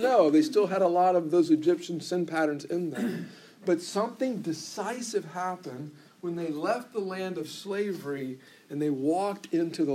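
A man's voice: fairly high pitch, darkish tone. A pastor preaching a conversational sermon to his church, with frequent restarts and asides.

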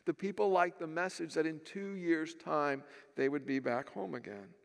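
A man's voice: a little high, fairly even intonation, moderate pace, gravelly, long reverb tail. A man preaching a sermon, telling stories and asking rhetorical questions, acting out the voices of the people he quotes. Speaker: pastor.

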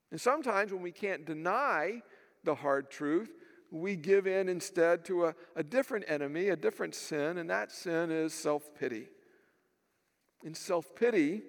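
A man preaching a sermon with a high, gravelly voice. He tells stories, acts out the voices of the people he quotes, and asks rhetorical questions. His words ring out in a hall with a long echo. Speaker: pastor.

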